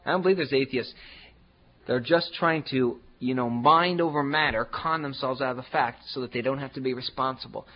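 A man's voice: medium pitch, brisk. Emphatic male preacher, lo-fi sound. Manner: emphatic, repeats phrases, swings from loud to hushed. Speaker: pastor. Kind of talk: sermon.

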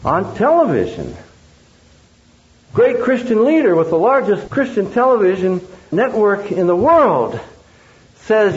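Emphatic preacher with a lively, rising voice. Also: male voice, high voice. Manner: emphatic, rhetorical questions to the audience. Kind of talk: sermon. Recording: dull lo-fi recording.

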